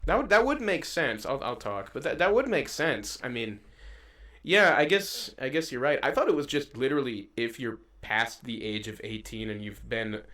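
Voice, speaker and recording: A young man co-hosting a podcast, chatting casually and rambling with lots of swearing, getting animated when he quotes people. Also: medium pitch, normal speed. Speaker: podcast co-host. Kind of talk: casual chat.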